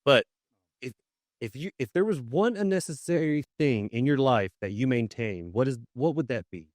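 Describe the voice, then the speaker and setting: A man's voice: medium pitch, lively intonation, normal speed, dry recording, studio quality. A man co-hosting a podcast who plays a mock therapist in casual comedic chat. He is playful and often repeats himself. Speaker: podcast co-host.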